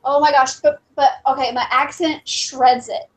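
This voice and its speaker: A chatty woman with a high-pitched voice, joking about herself in a relaxed group chat. She talks casually to friends in an online hangout. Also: normal speed. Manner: chatty, self-deprecating, says "y'all". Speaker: hangout participant.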